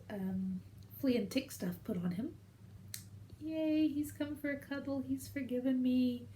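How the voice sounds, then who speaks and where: A woman's voice: medium pitch, darkish tone, a little hiss or hum. A woman in her thirties chatting casually at home as the host of a knitting video show, rambling from one story to the next. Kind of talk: casual chat to camera.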